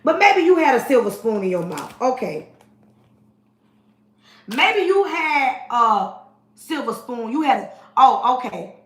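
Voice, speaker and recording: A woman's voice: high-pitched, big pitch swings, unhurried, long pauses. A woman in her forties giving an emphatic, preachy livestream monologue, talking straight to her viewers. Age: 40s. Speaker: livestream host. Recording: roomy echo.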